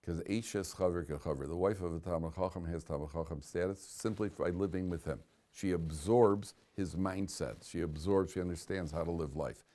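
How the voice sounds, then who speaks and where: A rabbi teaches an informal Torah class, telling stories in a chatty way and chuckling at his own punchlines. His voice is low and dark with a steady tone, and he talks a little fast with hardly any pauses.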